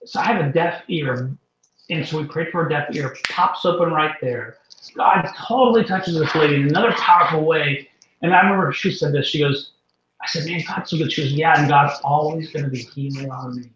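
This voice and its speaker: A man, a guest, telling a faith story in an animated way, often repeating and restarting words. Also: a little high, fairly quick, reverberant, muffled recording, slight background noise. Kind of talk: storytelling testimony.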